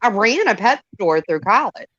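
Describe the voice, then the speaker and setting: A woman's voice: mid-range voice, moderate pace, dry recording. Emphatic woman on a dull lo-fi mic. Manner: emphatic, expressive storyteller. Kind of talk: casual chat.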